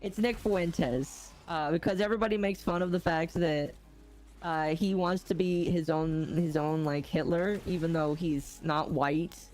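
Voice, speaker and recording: A woman's voice: low voice, steady tone, measured pace, a little mellow, soft background music. A woman hosting a game livestream, chatty and giggly, often exclaiming as she talks. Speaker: streamer host. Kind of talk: casual livestream chat.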